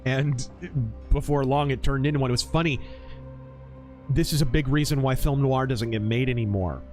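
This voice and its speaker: A man streaming a mech game and chatting casually, an animated storyteller who acts out quotes. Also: medium pitch, normal speed, faint music behind. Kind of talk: casual live-stream chat.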